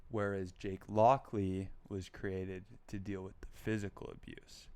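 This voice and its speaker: A man's voice: sits low, flat delivery, unhurried, dark tone, clean tone, no room sound. A young man co-hosting a casual pop culture podcast, rambling with lots of "like" and "um". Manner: rambling, heavy use of "like" and "um". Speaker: podcast co-host.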